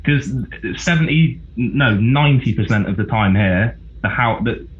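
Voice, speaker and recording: A man's voice: medium pitch, animated, unhurried, dull audio. A young English man in casual chat, blunt and teasing. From England.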